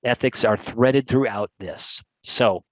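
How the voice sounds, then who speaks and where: A man presenting a live webcast, talking through examples with chatty enthusiasm and lively emphasis. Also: mid-range voice, takes it slowly, no room sound, rough recording.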